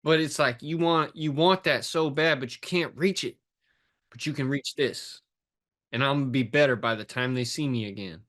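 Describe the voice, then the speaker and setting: A man's voice: mid-range voice, normal speed, fairly bright tone. A man who coaches fitness and life, talking intensely and emotionally in a podcast conversation, with blunt street phrasing and the odd swear word.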